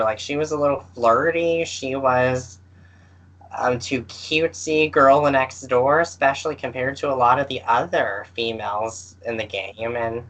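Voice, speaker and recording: A man with a mid-range, slightly bright voice co-hosts a casual podcast about games, recorded roughly. He hesitates a lot and moves slowly, peppering his speech with fillers.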